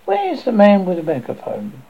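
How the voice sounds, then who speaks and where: A man voicing a plump, asthmatic schoolboy who is anxious and eager to please, with a raised boyish pitch and plain working-class speech, in a storybook reading. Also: huge pitch swings, normal speed, creaky, full character voice. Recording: dull lo-fi recording.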